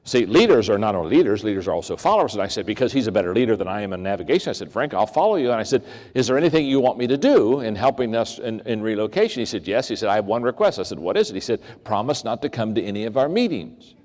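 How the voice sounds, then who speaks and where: A man's voice: racing, few pauses. An older man giving a leadership talk, telling stories and acting out the people in them with big swings in voice. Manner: animated, acts out quoted voices with big pitch swings. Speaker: leadership speaker. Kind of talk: storytelling keynote talk. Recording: long reverb of a large hall.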